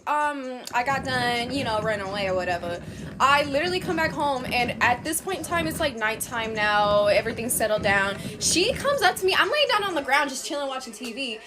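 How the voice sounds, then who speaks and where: A young woman tells funny stories from her childhood in an animated, blunt way, and her cursing comes casually. Her voice sits high and swings up and down as she acts things out. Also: a little fast. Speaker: storyteller. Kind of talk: casual storytime.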